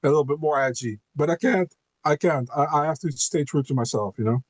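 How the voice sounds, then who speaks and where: A man's voice: a little high, fairly quick, husky, dry recording. Laid-back man chatting on a podcast. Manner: laid-back, repeats words, lots of "you know" and "man". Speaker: podcast guest, MMA co-host. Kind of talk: casual podcast chat.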